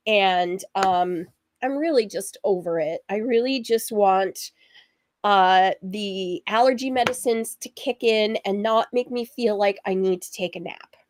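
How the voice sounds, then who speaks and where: A woman hosting a sewing livestream, chatty and rambling, her voice husky from allergies. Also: medium pitch, unhurried, a little hiss or hum. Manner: rambling, chatty, laughs often.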